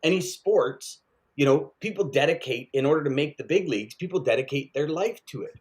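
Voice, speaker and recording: A man's voice: fairly high pitch, expressive, fairly quick, a crowd in the background. A man co-hosting a casual sales podcast, talking with energy and repeating points for emphasis. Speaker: podcast co-host.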